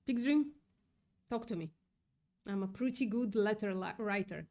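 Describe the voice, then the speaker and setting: A woman with a mid-range, somewhat dark voice hosts a casual livestream at a normal speed. She is upset and thinks aloud while reading the chat, swearing often.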